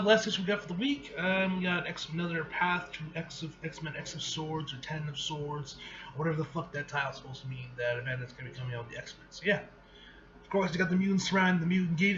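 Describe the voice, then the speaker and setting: Bright laid-back man reading comics. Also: fairly high pitch, echoey room, lo-fi sound. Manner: laid-back, swears freely. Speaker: comic book reviewer. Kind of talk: casual comic reading and reaction.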